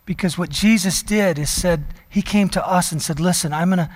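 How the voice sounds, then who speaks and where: A man preaching a sermon, telling a story and slowing down to stress key words. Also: sits high, big-room sound. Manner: storytelling preacher, slows down for emphasis. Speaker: pastor.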